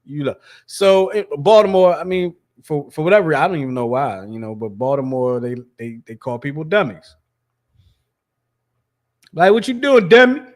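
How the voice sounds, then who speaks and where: A man's voice: mid-range voice, fairly quick, a little mellow. A man hosting a sports podcast in a loose, chatty way, with lots of fillers and restarts. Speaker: podcast host. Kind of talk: casual sports chat.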